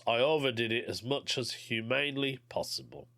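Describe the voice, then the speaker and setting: A man's voice: medium pitch, moderate pace, vocal fry, a bit bright. A man hosting a podcast, reading out a listener's story and chatting about it in an offhand way. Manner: chatty, offhand, says mate. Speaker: podcast host.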